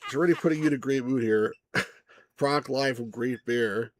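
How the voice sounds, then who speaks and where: A man's voice: mid-range voice, normal speed, noisy background. Rambling male game reviewer. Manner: rambling, chuckling, many restarts and asides to viewers. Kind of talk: casual gameplay commentary.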